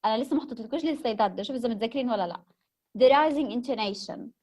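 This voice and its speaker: A woman's voice: on the high side, racing, darkish tone. A young woman with an Egyptian accent giving a classroom lecture, patiently explaining terms and quizzing her students. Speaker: teacher.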